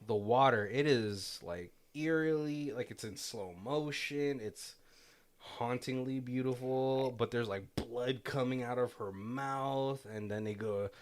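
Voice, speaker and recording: A man co-hosting a casual movie podcast, talking in a rambling, animated way and laughing often. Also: mid-range voice, a little slow. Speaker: podcast co-host.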